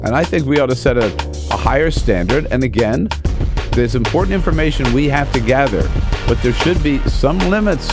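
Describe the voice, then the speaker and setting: A man's voice: medium pitch, expressive, a little fast, over loud music. A man hosting a talk show, genial and conversational with easy laughter. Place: radio studio.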